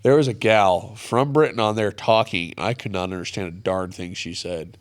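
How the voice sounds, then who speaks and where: Male podcast co-host, very deep and smooth, easygoing casual chatter. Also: normal speed. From Kansas. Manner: easygoing, rambling, laughs often. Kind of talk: casual chat.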